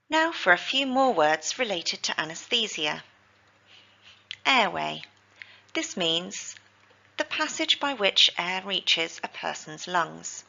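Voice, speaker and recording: A woman, teaching healthcare vocabulary in a scripted lesson, with slow, careful pronunciation drills. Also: on the low side, expressive, creaky, pushed and bright, muffled recording.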